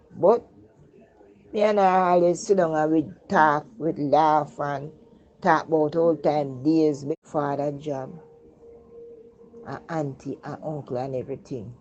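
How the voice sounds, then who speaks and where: An older Jamaican woman with a low, deep voice tells her own life story in patois. She is reflective and sinks into a hushed tone over memories of loved ones. The recording sounds dull and muffled. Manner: Jamaican Patois speech, reflective, voice drops low and soft when remembering the dead. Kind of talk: personal storytelling.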